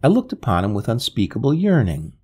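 Husky male storyteller, very expressive. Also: medium pitch. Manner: expressive, measured. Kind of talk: dramatic story narration.

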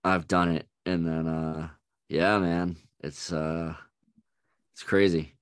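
A man's voice: deep voice, slow pace, clean tone, dry recording, clean studio sound. A man co-hosting a podcast, chatting casually and swearing freely as he tells stories. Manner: swears freely, animated storytelling. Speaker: podcast co-host. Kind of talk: casual chat.

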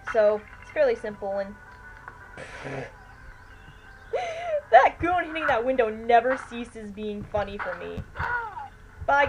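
A woman's voice: fairly high pitch, low-quality recording. Tired, chatty woman playing a game. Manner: chatty, rambling, keeps saying "anyway". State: tired and yawning. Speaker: let's player. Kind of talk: casual gameplay commentary. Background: faint washing machine hum.

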